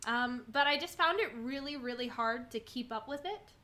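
Young female guest, bright sharp tone, loose filler-heavy chat. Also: on the high side, normal speed. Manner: rambling, filler-heavy with many ums and likes. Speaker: guest content creator. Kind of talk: casual chat.

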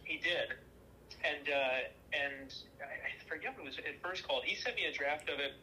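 A man's voice: a little high, normal speed, bright, forceful tone, slight background noise, rough recording. A man being interviewed about his film work, telling stories in a chatty, self-deprecating way and laughing easily. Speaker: film director and producer, guest. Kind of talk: casual interview chat.

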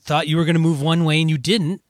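A man with a fairly high voice thinks out loud in stop-start sentences full of fillers. The sound is dry and close to the mic. He talks like a laid-back co-host on a gaming podcast. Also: little pitch movement, no room sound. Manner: halting, full of fillers and restarts. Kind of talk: casual chat.

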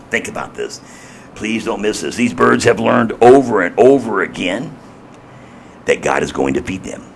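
Preacher man, super lively delivery, gravelly, punchy and emphatic. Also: rumbling low. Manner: emphatic, repetitive, swinging from loud to hushed. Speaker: pastor. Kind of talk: sermon.

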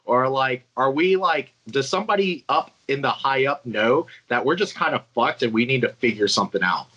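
A young man co-hosts a casual podcast in a bright voice with a husky edge. He rambles through his thoughts, swears offhandedly and leans on "like" constantly. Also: mid-range voice, animated, moderate pace, dull audio. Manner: rambling, swearing, heavy use of "like". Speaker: podcast co-host.

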